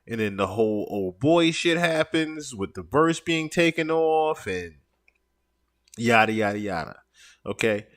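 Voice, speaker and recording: A man's voice: mid-range voice, a little slow. A man giving casual, explanatory reaction commentary on a played clip. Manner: animated, explanatory.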